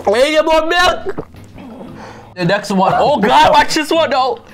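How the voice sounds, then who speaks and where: A man's voice: very high-pitched, expressive, a little slow, a bit bright. A man from the Bronx, a comedian in casual joking chat who exclaims often and plays with mock patois. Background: music.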